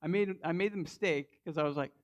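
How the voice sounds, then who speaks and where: A Southern man preaching in a loose, conversational way, doubling back on his words as he speaks. His voice sits a touch high for a man. The recording is dull and muffled. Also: quick pace. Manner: conversational, with frequent restarts and repeated words. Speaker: lay preacher. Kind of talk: sermon with a personal story.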